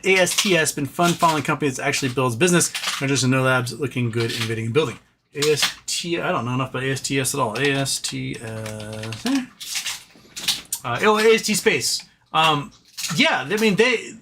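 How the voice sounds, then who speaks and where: A man's voice: mid-range voice, noisy background. A man hosting a casual live stream, rambling and self-deprecating as he reads viewer chat, with sighs and the odd swear. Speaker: livestream host reading viewer chat.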